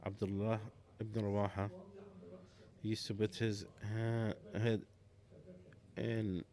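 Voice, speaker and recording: Slow, halting man giving Quran commentary. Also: lowish voice, flat delivery, dark tone. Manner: slow, halting, with pauses and restarts. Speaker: Quran interpreter. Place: mosque.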